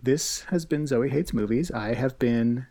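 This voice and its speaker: A man's voice: medium pitch, measured pace, mellow. A man co-hosting a podcast in casual chat, joking and teasing in a dry way, recorded on a podcast microphone. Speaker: podcast co-host.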